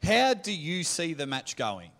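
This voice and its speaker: A man's voice: a little high, wildly swooping pitch, unhurried, fairly bright tone. A man hosting a press conference, announcing fighters and hyping the matchups. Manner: hype-building, announcing fighters. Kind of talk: emcee patter at a press conference.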